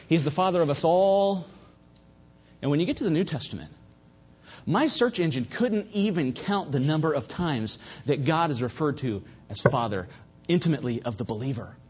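A man preaching a sermon at a church service, fervent, swinging between loud emphasis and hushed asides. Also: fairly high pitch, husky. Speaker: pastor. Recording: dull lo-fi recording.

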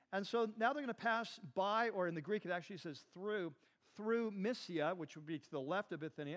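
A man giving a conversational sermon as a Bible teacher, asking his listeners questions and often saying "like" and "right.". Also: high voice. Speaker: pastor teaching a Bible class.

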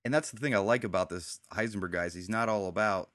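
Guy with a lowish voice rambling thru a tv recap, dry close sound. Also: fast, fairly bright tone, no echo. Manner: rambling, retells scenes with quoted lines. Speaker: podcast host. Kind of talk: casual TV recap chat.

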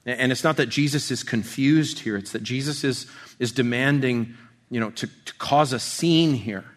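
A man preaching an expository sermon in a conversational way, full of restarts, dropping soft and slow on tender passages. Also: medium pitch. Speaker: pastor.

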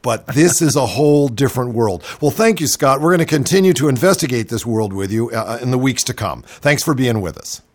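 A man's voice: animated, a little fast, few pauses, a little mellow. A man hosting a talk radio show, reading news items and trailing off into wry asides. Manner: jokey, trails off into low asides. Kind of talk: casual news banter. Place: lives on an island in Washington State, US.

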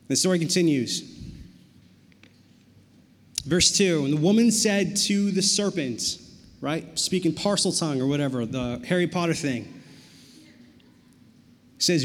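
A man with a high-pitched voice preaches a sermon in a large hall, where a long reverb hangs on his words. He talks like a casual, joking pastor, tossing slang asides between verses. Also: expressive, moderate pace.

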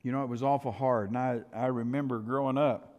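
A male pastor preaching a storytelling sermon, swinging from loud outbursts to hushed tones. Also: mid-range voice, steady tone, fairly quick, muffled recording. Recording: reverberant hall.

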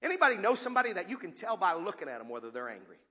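A man preaching a sermon with dynamic call-and-response delivery, swinging from soft asides to shouted points. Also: sits high, big pitch swings, racing. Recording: long reverb of a large hall.

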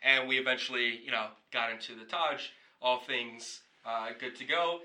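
A man's voice: mid-range voice, normal speed, bright, forceful tone, poor audio. A man hosting a podcast, telling a rambling story in casual chat and swearing freely. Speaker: podcast host.

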